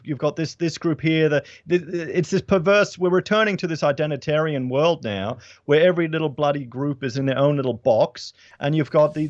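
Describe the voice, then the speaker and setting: A man's voice: on the high side, no echo, muffled recording. A man with an Australian accent, a guest in a casual political chat, giving long, earnest opinions.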